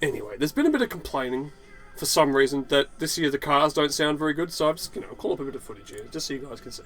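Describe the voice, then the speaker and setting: A man's voice: fairly high pitch, animated, fast talker, a bit bright, faint music behind, poor audio. Sarcastic man ranting casually. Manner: sarcastic, profane, dismissive. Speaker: video blogger.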